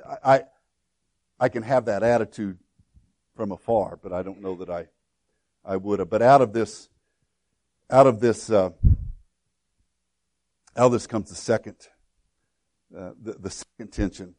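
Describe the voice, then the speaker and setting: A man's voice: lowish voice, unhurried, pauses often, a little mellow, no room sound. A middle-aged man preaching a sermon in an earnest, conversational way, acting out the prayers and pleas he quotes. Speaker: pastor.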